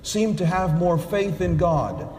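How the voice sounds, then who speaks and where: A man's voice: sits high, slow pace, a little mellow, reverberant, big-room sound. A man preaching a Sunday sermon, telling stories and jokes along the way. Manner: storytelling with jokes.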